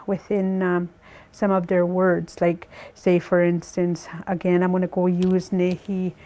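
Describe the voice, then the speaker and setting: Slow-spoken woman teaching a lesson. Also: medium pitch, darkish tone. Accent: Saskatchewan Cree. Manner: slow and careful, breaks words into syllables. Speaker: language teacher. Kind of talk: recorded language lesson.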